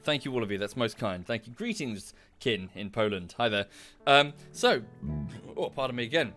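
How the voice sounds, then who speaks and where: A man's voice: medium pitch, animated, moderate pace, fairly bright tone, soft background music. A British man chatting casually on a livestream from his home setup, polite and rambling with lots of fillers. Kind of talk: casual stream chat.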